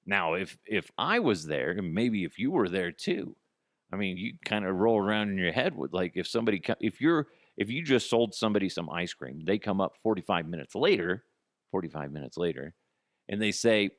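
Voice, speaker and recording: A man hosts a solo comedy podcast, ranting with lots of profanity. His pitch swings widely as he riffs, and the sound is dry and close, with no room around it. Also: fairly quick, no room sound. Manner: animated, profane, acts out both sides of a dialogue. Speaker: podcast host.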